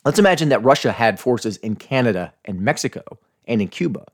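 A man's voice: mid-range voice, animated, fairly quick. An American man hosting a scripted commentary podcast, earnestly arguing his points and asking rhetorical questions. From United States. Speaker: podcast host.

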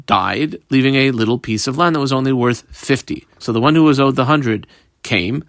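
A man's voice: mid-range voice, normal speed, vocal fry, no echo, clean studio sound. A man teaching a text study class, reading each term aloud and then explaining it in plain words, step by step. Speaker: Talmud teacher.

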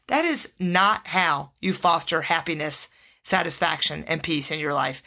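A middle-aged woman with a bright, forward tone hosts a solo coaching podcast. She talks candidly and with energy, laughing easily between her stories. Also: on the low side. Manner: animated, candid, laughs often. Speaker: life coach and podcast host.

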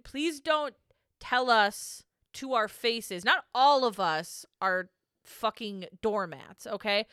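A woman's voice: medium pitch, fairly bright tone, clear, resonant tone, no echo, clean studio sound. A woman co-hosting a casual recap podcast, talking bluntly with frequent swearing and laughter. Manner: blunt, profane, laughs often. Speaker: podcast co-host.

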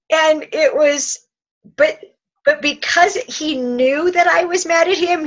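High-voiced woman giving relationship advice. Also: lo-fi sound. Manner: laughs often, acts out little dialogues. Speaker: relationship expert guest. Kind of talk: conversational advice. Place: indoor couch talk.

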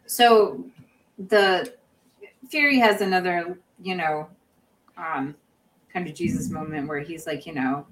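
A woman with a lowish voice talks through a podcast recap in loose, casual chat. She rambles and restarts a lot, filling gaps with "um" and "uh". A faint hiss sits under her voice. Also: slow, long pauses, poor audio. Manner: rambling, many fillers and restarts. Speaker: podcast co-host.

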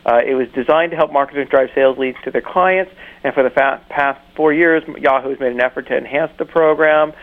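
A man's voice: mid-range voice, brisk. A man co-hosting a search news podcast, chatting casually with jokes and many fillers. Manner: joking, rambling, lots of fillers. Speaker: podcast co-host. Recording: tinny phone line.

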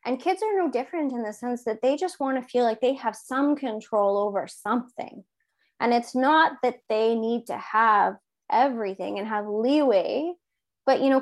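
A woman in her thirties with a fairly high voice, talking casually about raising kids. She is animated and jumps into the quoted lines in a higher voice. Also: normal speed. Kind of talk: casual parenting chat.

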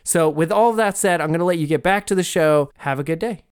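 A man's voice: on the high side, quick pace. Upbeat man with an echoey sound. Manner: upbeat, loose, filler-heavy. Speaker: podcast co-host and game narrator. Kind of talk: casual podcast chat and game narration.

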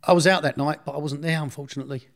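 A man's voice: a little high, fairly even intonation, rapid-fire, vocal fry. Middle-aged male interviewee, blunt, rambling storyteller who keeps correcting himself. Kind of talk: casual storytelling.

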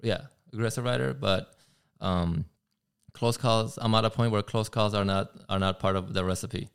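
Gravelly, smooth-voiced male rider. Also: on the low side, fairly even intonation. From California. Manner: thoughtful, halting with restarts. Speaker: guest motorcycle rider. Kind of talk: casual interview talk.

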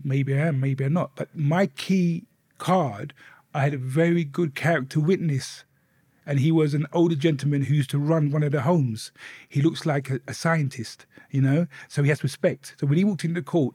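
Gently spoken guy, kinda high voice, lots of swearing, dry sound. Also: slightly rough, no echo. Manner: softly spoken, swears freely. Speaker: guest. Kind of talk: telling his life story.

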